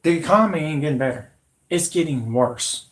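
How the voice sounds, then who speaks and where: A man's voice: fairly high pitch, lively intonation, brisk, fairly bright tone. A man in his late thirties hosting his own channel, delivering a heated, repetitive, confrontational political rant. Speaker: channel host.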